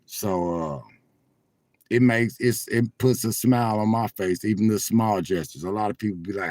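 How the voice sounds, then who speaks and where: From his parked car at a truck stop, a man talks casually to viewers on a phone livestream, swelling like a preacher as he goes. His voice is lowish with a darkish tone at a moderate pace, and the audio has no echo.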